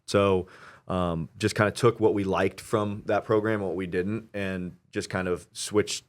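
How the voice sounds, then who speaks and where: Low-voiced young man, animated storyteller. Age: young adult. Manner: animated storyteller, quoting himself, quick asides. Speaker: real estate investor guest. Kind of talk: casual interview chat.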